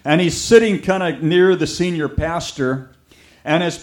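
Man, preacher, sermon storytelling, lively anecdotes, church setting. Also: on the high side, a little slow. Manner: lively anecdotal delivery, acts out quoted voices.

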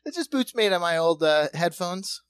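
Rambling, joking podcast dad. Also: male voice, high-pitched, big pitch swings, normal speed, smooth, no echo. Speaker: podcast co-host. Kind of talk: casual chat.

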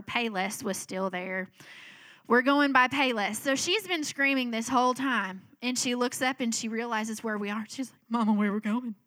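A middle-aged woman, telling a lively family story in a sermon and acting out the voices. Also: a little high, no room sound. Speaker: speaker at a church talk.

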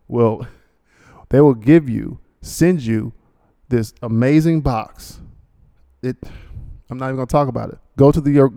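A male podcast host rambles alone through a sponsor read, tossing in joking asides and restarting often. His medium-pitched voice is slightly mellow with vocal fry, and the recording has long hall reverb.

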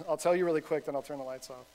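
A man's voice: a little high, fast, dark tone, slight background noise, poor audio. Casual, rambling male pastor preaching. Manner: conversational, self-deprecating storytelling with many fillers. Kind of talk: sermon.

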